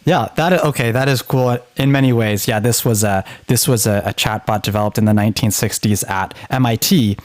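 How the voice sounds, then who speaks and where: A man's voice: fairly low pitch, a little fast, few pauses, no room sound. Male podcast co-host, casual and enthusiastic, dry close sound. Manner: enthusiastic, animated storyteller. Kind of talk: casual chat.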